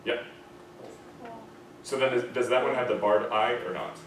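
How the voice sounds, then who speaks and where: A man with an American accent teaches a diction class, demonstrating words and correcting students' pronunciation in a mid-range voice at normal speed. The sound comes from an echoey classroom with a distant mic and background noise.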